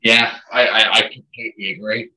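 A man's voice: lowish voice, little pitch movement, a little fast, sharp tone. A man co-hosting a podcast in casual chat, upbeat and jokey with hesitant starts. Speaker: podcast co-host. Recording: dull, roomy, distant mic.

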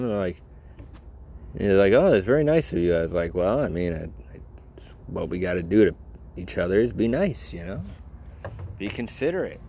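A man's voice: fairly low pitch, creaky, darkish tone. A man in a casual vlog, rambling and sarcastic, full of "you know" as he tells a story. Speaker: vlogger. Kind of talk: casual rant.

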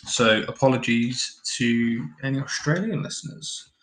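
A man's voice: medium pitch, a little slow, background noise. A man hosting a fitness podcast, talking casually and jokily, then reading a parable aloud. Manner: jokey, chatty, relaxed. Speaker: podcast host.

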